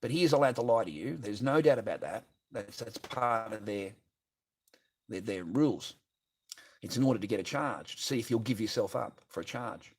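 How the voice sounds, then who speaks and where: A man's voice: on the low side, lively intonation, moderate pace, slightly rough. An Australian man livestreaming, ranting bluntly and profanely as he reads viewer comments aloud and answers them. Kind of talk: ranting live stream chat.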